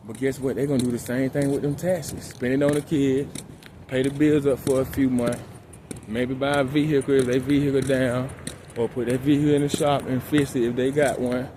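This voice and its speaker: A man's voice: mid-range voice, brisk. Laid-back man vlogging outside. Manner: calm, laid-back, slangy. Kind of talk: casual motivational talk while walking. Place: outdoors at night, walking laps. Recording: outdoor street noise. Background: traffic and outdoor ambience.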